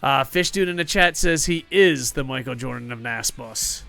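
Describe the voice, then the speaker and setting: Joking, foul-mouthed man with a crisp voice. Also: mid-range voice, normal speed, sharp tone, soft background music. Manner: joking, swears freely, reads chat aloud. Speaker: streamer racing in the league. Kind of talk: casual chat.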